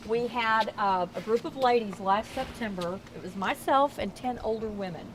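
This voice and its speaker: A woman's voice: fairly high pitch, normal speed, noisy background. Folksy Texan woman guiding a ghost tour. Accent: Southern US (Texas). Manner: chatty, folksy, projects to a crowd. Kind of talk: storytelling tour talk to a crowd. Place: outdoors on a town street tour at night. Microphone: camera held by a tour member.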